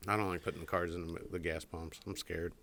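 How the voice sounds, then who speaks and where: Low and steady yet fast, this man's voice is bright and forceful with vocal fry, over a little hiss or hum. Co-hosting a casual podcast, he tells a rambling, drawn-out story and acts out the voices of those involved.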